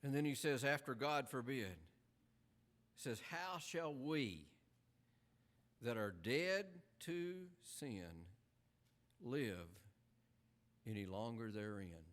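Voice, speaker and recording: Man, preacher, sermon, earnest and emphatic, rhetorical questions, animated rising and falling voice. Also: mid-range voice, slow, pauses often.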